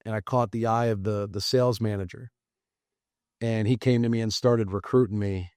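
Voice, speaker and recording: A man telling his career story as a podcast guest, lively and acting out the quoted dialogue. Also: mid-range voice, dry recording, clean studio sound. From United States. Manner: animated, acts out quoted dialogue. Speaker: podcast guest, real estate investor. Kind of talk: casual storytelling interview.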